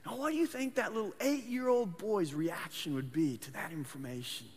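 A man's voice: high-pitched, normal speed, husky. A man preaching a sermon as pastor, earnest, often repeating words as he restarts his phrases. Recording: long hall reverb.

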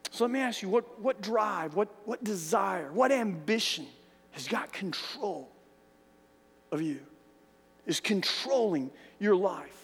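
A man's voice: high-pitched, animated, slow pace, breathy edge. A man preaching a sermon, earnest and repetitive, sometimes acting out other people's words. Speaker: pastor. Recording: long hall reverb.

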